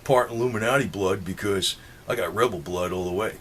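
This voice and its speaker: A man's voice: on the low side, lively intonation, fairly quick, a bit bright, slightly rough. Rambling profane New Jersey man. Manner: rambling, profane, chuckles between points. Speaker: political vlogger. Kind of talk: rambling monologue to camera.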